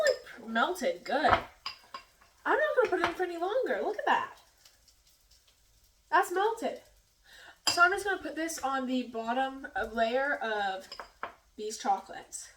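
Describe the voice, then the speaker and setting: A woman's voice: sits high, a bit bright, recorded from a distance, a little hiss or hum. Chatty young woman, echoey off-mic kitchen. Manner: chatty, rambling, giggly. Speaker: vlogger. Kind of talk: casual storytelling while cooking. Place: home kitchen.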